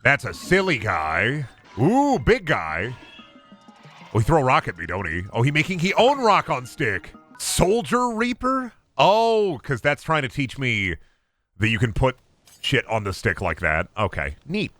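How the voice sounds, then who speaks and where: A young adult man streaming a game, joking and swearing, with sudden loud bursts. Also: medium pitch, a little slow, faint music behind. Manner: lively, swearing, jokey, shouts in bursts. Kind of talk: gameplay commentary.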